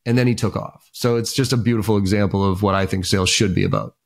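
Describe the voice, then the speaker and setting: A man's voice: on the low side, fast, vocal fry. A man, a sales trainer, talking as a guest in a casual podcast interview and telling stories with energy. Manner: animated storyteller, many fillers and restarts.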